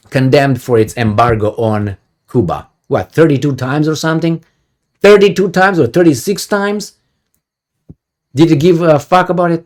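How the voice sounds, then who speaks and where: A man's voice: medium pitch, darkish tone. Heated, sarcastic middle-aged male commentator. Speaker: political commentator. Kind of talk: ranting video commentary.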